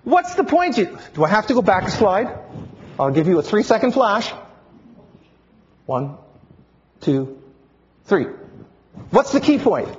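A man's voice: sits high, sing-song, unhurried, long pauses, a little mellow, slight background noise. A man preaching a sermon in a playful teacher style, quizzing his congregation as if they were a class. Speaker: pastor. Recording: dull lo-fi recording.

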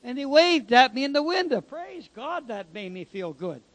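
Man, very high pitch, preaching testimony, emphatic dramatic storytelling, dry sound. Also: very animated, moderate pace, fairly bright tone, no echo. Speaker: ex-convict giving testimony.

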